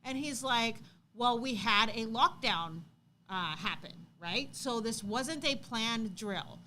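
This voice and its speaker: Bright-voiced woman telling a story. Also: a little high, takes it slowly, slight background noise. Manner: animated storytelling, acts out quotes loudly. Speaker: co-host. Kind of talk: casual chat on a livestream.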